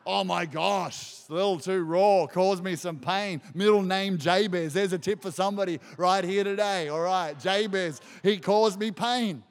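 High-voiced man preaching with emphatic repetition. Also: a little slow, hardly any pauses. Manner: emphatic, repeats phrases for effect. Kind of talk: sermon. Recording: long hall reverb.

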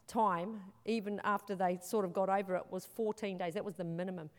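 A woman giving an earnest, emotional church testimony and altar call, halting and restarting as she speaks. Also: medium pitch, darkish tone, a faint crowd. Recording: long hall reverb.

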